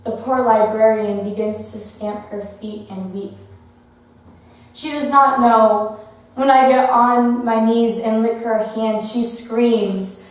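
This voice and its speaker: A teenage girl reciting a poem as a student contestant, deliberate, with sudden bursts of force. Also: fairly high pitch, steady tone. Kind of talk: poetry recitation. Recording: echoey hall from far off.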